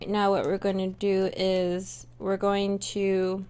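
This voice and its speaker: A woman streamer casually talking through microphone tests at home, chatty and unhurried, her voice cracking from screaming, on a desk microphone with a pop filter. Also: medium pitch, completely flat delivery, darkish tone, clear, resonant tone. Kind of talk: casual vlog talk to camera. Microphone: desk USB microphone with pop filter.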